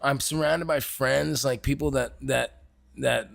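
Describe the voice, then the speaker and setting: A man telling stories in a casual bar conversation, animated and loud when he acts out quotes. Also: mid-range voice, measured pace, vocal fry. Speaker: stuntman and actor, podcast guest. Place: bar in Hollywood.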